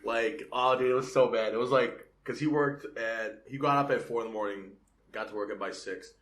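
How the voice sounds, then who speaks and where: A man's voice: medium pitch, brisk. A man co-hosting a comedy podcast, telling stories in a casual, profane way and acting out voices in them. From United States. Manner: animated, profane, acts out voices in his stories. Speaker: podcast co-host. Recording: roomy sound with faint background noise.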